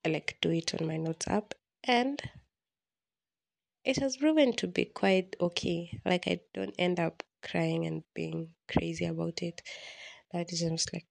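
Woman, solo podcast host; low, husky, gravelly voice; candid, self-mocking confessional ramble. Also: a little slow.

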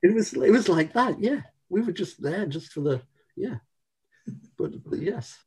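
An older man in his sixties with a mellow, warm voice tells stories from his career in a loose, chatty way. He keeps restarting sentences and circling back, and drops a casual swear word now and then. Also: high voice, lively intonation, a little slow, slightly rough. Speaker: musician being interviewed. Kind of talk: casual anecdotal chat.

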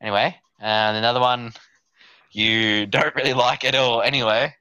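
A man's voice: mid-range voice, moderate pace, clean tone, no echo. Sweary young man telling stories. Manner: rambling, sweary, animated when acting out his younger self. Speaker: storyteller. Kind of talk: casual storytelling chat. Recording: dull lo-fi dry sound.

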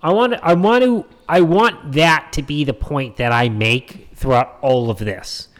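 A man's voice: fairly high pitch, a little slow. A man hosting a political commentary monologue, sarcastic and emphatic, repeating his points. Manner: sarcastic, mocking voices in quotes; emphatic repetition. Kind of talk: opinion monologue.

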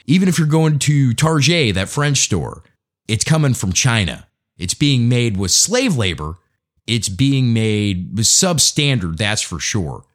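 An American podcast host delivers a profane, conversational opinion rant. He speaks in a mid-range, sing-song voice, a little slowly.

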